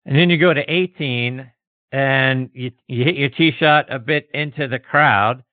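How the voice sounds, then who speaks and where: A man's voice: mid-range voice, measured pace, no room sound. A man hosting an interview who asks leading, enthusiastic questions. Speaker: podcast host. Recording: tinny phone-line sound, dry.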